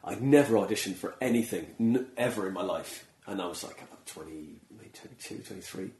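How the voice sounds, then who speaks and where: A man hosting a casual interview, chatty and quick to laugh, acting out little quotes as he tells his stories. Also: deep voice, darkish tone. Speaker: podcast host. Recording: roomy echo.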